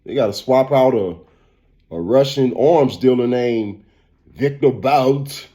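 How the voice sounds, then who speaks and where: A man who is a barber and vlogger, giving a casual, animated opinion rant and repeating "man" and "bro.". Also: mid-range voice, takes it slowly.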